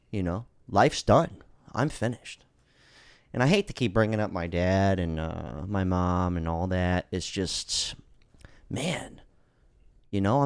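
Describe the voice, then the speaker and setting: A man hosts a casual solo podcast in a fairly low voice. He talks bluntly and rambles, swearing freely. The sound is dry and close. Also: no room sound. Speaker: podcast host.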